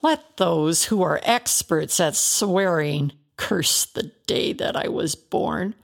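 A woman's voice: fairly low pitch, lively intonation, slow, creaky, exaggerated voice. A woman voicing a grieving, ruined man in a storybook reading, anguished and pleading as he questions God. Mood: sorrowful.

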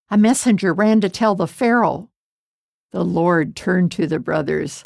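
Storyteller: woman, slow deliberate reader, low-ish, dry. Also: gravelly, a little mellow, dry recording. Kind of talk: scripted story narration.

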